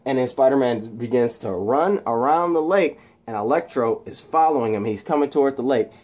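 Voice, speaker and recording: Guy hyped retelling a movie fight, yelling boom sound effects, soft mellow tone. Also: brisk. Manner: animated, shouts sound effects, lots of fillers. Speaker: video host recapping a film. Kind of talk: casual retelling of a movie scene.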